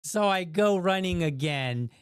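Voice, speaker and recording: A man's voice: high voice, a little slow, clear, resonant tone, dry recording. A man telling a story in a dry, close podcast voice. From USA. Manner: rambling, animated storytelling with restarts and acted-out quotes. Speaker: podcast host. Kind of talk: casual storytelling monologue.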